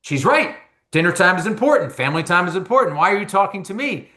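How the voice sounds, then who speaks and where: A man imitating a blunt, commanding older male baseball team boss, quoting him in a brisk, insistent raised voice. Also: high voice, lively intonation, bright, forceful tone, voice pushed up.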